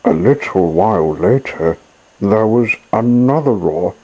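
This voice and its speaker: A man reading a children's storybook aloud in a slow, gentle narrating manner. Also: fairly low pitch, animated, breathy edge, lo-fi sound.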